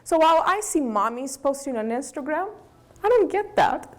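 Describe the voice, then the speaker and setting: A woman with a Brazilian accent, a business owner giving a candid, animated lecture to students. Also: high-pitched, moderate pace. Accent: Brazilian Portuguese. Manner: animated, candid storytelling with acted quotes.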